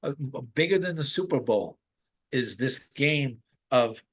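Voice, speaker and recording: A man chatting as a guest, telling stories in an animated, rambling way with many restarts. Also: mid-range voice, a little slow, breathy edge. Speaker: podcast guest. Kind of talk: casual spiritual conversation.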